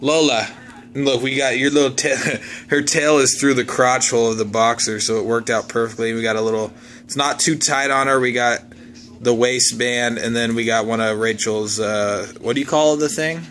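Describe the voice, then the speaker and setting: Bright-voiced goofy young man vlogging. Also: moderate pace. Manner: goofy, talks to his pets in high excited voice. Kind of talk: casual home vlog.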